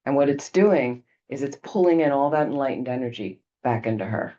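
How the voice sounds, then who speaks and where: Leading a retreat group through an intricate Buddhist visualization, a teacher sprinkles the explanations with frequent "okay"s to check in. The voice is mid-range, fairly quick and dark, with lively intonation, and the lo-fi recording sounds dull.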